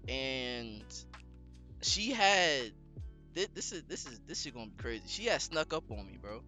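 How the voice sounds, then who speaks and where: A young man casually telling a story on a podcast, slangy and animated, with lots of fillers. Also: mid-range voice, unhurried, faint music behind. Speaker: podcast co-host.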